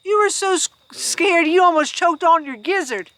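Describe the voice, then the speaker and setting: A woman's voice: very high-pitched, moderate pace, fairly bright tone, pitched above the performer's own voice. Rudy, a woman voicing a bossy rooster. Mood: mocking. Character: bossy scrappy young rooster.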